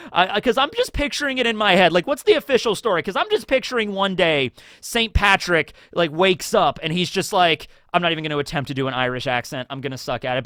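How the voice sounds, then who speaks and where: A young man rambles through a casual video, joking and filling gaps with "um" and "like". His voice sits high and bright. The sound is close and dry. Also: clean tone, dry recording. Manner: rambling, joking, filler-heavy. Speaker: YouTube channel host.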